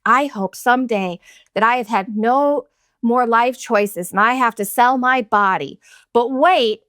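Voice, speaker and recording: A woman's voice: on the high side, fairly bright tone, no echo, studio quality. A woman in her thirties hosting a podcast, ranting in a candid, profane, sarcastic and rambling way. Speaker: podcast host. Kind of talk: casual solo podcast rant.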